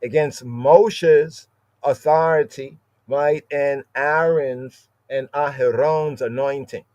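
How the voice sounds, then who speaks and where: Man, Bible study teacher, unhurried delivery, dry close sound, frequent "right?" check-ins. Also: medium pitch, fairly even intonation, a little mellow, no room sound, highs cut off. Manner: repeats "right?" often, explains Hebrew words slowly. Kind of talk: informal scripture lesson.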